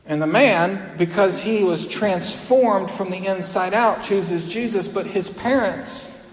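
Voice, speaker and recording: A man preaching a sermon as the pastor, retelling a scripture story with acted quotes and dropping to a hush at key moments. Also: high voice, slow. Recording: echoey hall with long reverb.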